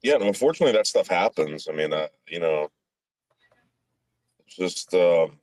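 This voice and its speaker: A man with a low voice hosts a laid-back livestream chat. He rambles through hedges and restarts, swears without a second thought, and his pitch rises and falls a lot. The sound is dry and close. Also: animated, moderate pace, a little mellow, no echo. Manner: rambling, hedging with fillers and restarts; blunt, swears casually. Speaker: podcast host.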